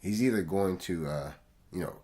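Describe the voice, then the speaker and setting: A deep-voiced man at a moderate pace casually reviews an album one track at a time, addressing his viewers in a slangy, laid-back way. Faint music can be heard behind him.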